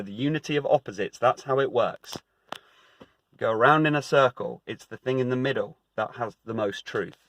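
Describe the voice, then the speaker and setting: A man's voice: medium pitch, no room sound. A man giving a casual, emphatic spiritual talk, conversational with many repeats and fillers.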